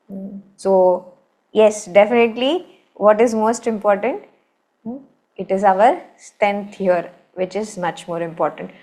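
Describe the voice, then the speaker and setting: A woman's voice: medium pitch, a little slow, dark tone. A woman with an Indian English accent, a spiritual teacher telling a scripture story in a conversational way with many asides.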